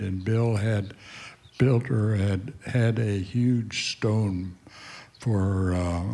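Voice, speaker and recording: A slow-spoken older man shares memories as a guest on a museum stage panel. His low, gravelly voice is warm and slightly husky. He pauses often and fills the gaps with "uh". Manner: halting, many pauses and "uh"s.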